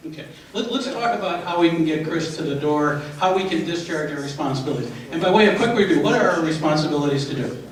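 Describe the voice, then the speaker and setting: A man's voice: a little high, expressive, fast talker. Lawyerly man lecturing in an echoey hall. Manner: lawyerly, asks rhetorical questions and tags them with "right?". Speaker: trainer leading a staff workshop. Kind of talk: lecture with questions to the audience. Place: large echoey room. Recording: echoey room recorded from far off.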